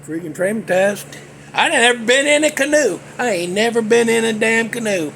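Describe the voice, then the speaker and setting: High-voiced man in his 60s. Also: a little fast, creaky, a bit bright, slight background noise. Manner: folksy, joking storyteller. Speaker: host. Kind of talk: casual movie talk vlog.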